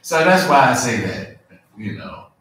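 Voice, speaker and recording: A man preaching a conversational sermon, informal and animated, full of asides and "you feel me?". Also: mid-range voice, a little slow. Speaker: pastor. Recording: very echoey room, mic far off.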